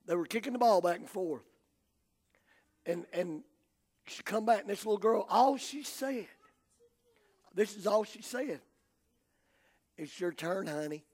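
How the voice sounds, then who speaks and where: An older man with a Southern US accent preaching a sermon, telling folksy stories and swinging from hushed tones to shouting. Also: high voice, measured pace, pauses often. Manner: folksy storytelling.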